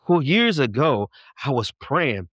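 A man preaching a sermon with fervent emphasis, sometimes rushing and sometimes drawing his words out slowly. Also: medium pitch, sing-song, fairly bright tone, no room sound. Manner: fervent, emphatic, shifts between fast bursts and slow drawn-out lines.

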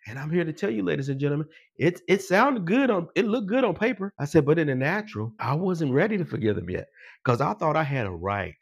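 A man preaching a sermon. He repeats his phrases and climbs higher and louder as he drives a point home. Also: sing-song, a little fast, creaky, husky. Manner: builds in pitch and volume, repeats phrases for emphasis.

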